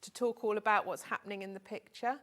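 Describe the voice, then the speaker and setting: A middle-aged woman, chatty and quick to laugh, demonstrating a sewing technique. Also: mid-range voice, fairly even intonation. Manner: chatty, warm-hearted, laughs easily. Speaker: guest crafter demonstrating sewing. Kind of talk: casual live shopping demo chat.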